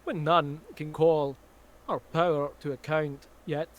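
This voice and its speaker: A man's voice: a little high, little pitch movement. Scottish Christopher Walken, as a man puts him on. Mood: brooding. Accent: put-on Scottish. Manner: halting, dramatic, drawn-out line delivery. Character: male celebrity actor impression, Scottish-accented, reciting tragedy. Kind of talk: theatrical Shakespeare recitation.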